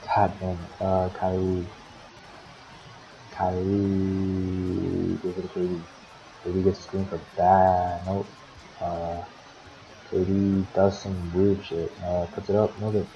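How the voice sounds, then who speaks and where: Slow and monotone, pausing often, a man with a low, mellow voice casually calls play-by-play for his team in a basketball sim league. He manages the team, swears often, and grumbles at his players, heard on a dull lo-fi recording with a little hiss or hum.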